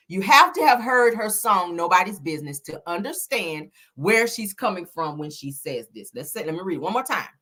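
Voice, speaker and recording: A woman's voice: mid-range voice, pushed and bright, breathy edge. A woman giving casual celebrity gossip commentary in a sassy, emphatic way, peppering her talk with "honey" and "child.".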